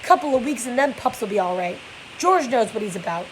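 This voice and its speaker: A woman's voice: a little high, animated, a little fast, a little hiss or hum, natural voice, low-quality recording. A woman reading the lines of a weary, bitter middle-aged male stable hand in a plain read-aloud voice.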